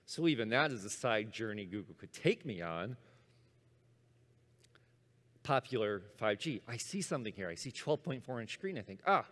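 A man in his fifties giving a conference talk, animated and acting out his own inner voice. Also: fairly low pitch, moderate pace, long pauses. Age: 50s. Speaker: conference speaker. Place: large conference hall. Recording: long hall reverb.

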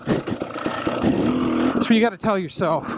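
A man's voice: high voice, wildly swooping pitch, takes it slowly, vocal fry. A man talking to himself while riding a dirt bike on a wooded trail, out of breath, profane and self-mocking. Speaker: dirt bike racer vlogging. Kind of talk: casual self-talk commentary while riding. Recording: loud engine noise behind the voice.

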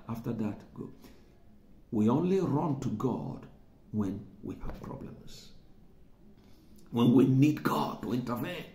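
A man's voice: high voice, a little mellow, reverberant. A man preaching a sermon, conversational, repeating words for emphasis and chuckling now and then. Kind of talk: sermon teaching.

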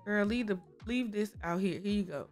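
Faint music plays behind a gaming creator whose mid-range, darkish voice moves at normal speed. She chats casually through a let's-play of a life-sim game, often talking to its characters directly.

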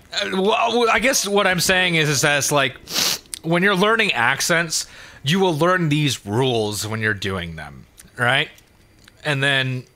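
A man's voice: medium pitch, pushed and bright. A man hosting a let's play, rambling in a loose and profane way with many fillers. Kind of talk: casual commentary while gaming.

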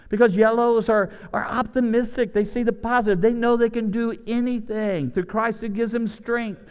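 Pastor man, high smooth voice, big echoey church hall sound, storytelling with energy. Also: moderate pace, few pauses, highs cut off. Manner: animated storytelling, shifts from excited highs to low asides. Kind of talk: lively sermon with acted-out voices.

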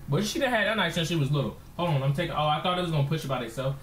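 A man's voice: a little high, animated, racing, fairly bright tone. A man giving hyped let's-play commentary, full of playful trash talk and slang. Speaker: gaming streamer. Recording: echoey room with background noise.

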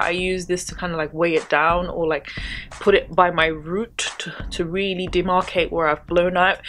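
A woman's voice: lowish voice, a bit bright, slight background noise. A woman chatting casually about hair care tools, with rambling, self-deprecating asides. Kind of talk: casual chat.

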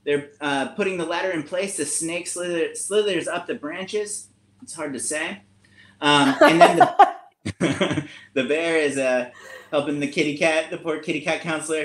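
A man's voice: a little high, expressive, unhurried, echoey room. A man reading his picture book aloud and chatting playfully, often laughing and joking.

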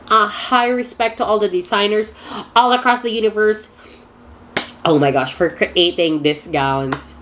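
A woman's voice: low-pitched, slight background noise. A woman with a Filipino accent reacting to pageant gowns in a casual vlog, gushing and torn between favorites, full of exclamations. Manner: gushing, indecisive, lots of exclamations. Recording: music playing behind.

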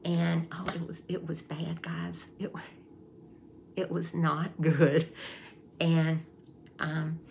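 A woman's voice: low voice, monotone, slow pace, gravelly, long pauses, darkish tone, a little hiss or hum. A woman vlogger casually telling a personal story, chatty, repeating herself and acting out her own past thoughts.

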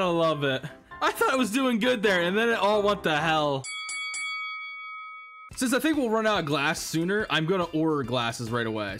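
Gaming host, young man, bright and sharp-toned, playful and loud. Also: sits high. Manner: hyped, shouty and jokey, talking to game customers. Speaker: gaming YouTuber. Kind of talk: gameplay commentary.

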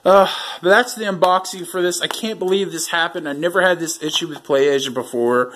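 A man's voice: on the high side, a little fast, a bit bright. A man hosting a casual unboxing vlog, chatting to viewers while handling what he unpacks. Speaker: video host.

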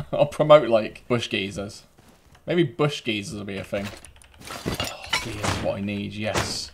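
A young British man giving cheeky gameplay commentary, laughing often and breaking into loud taunting yells. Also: on the low side, takes it slowly, long pauses, heavy background noise. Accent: British English. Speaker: gaming YouTuber.

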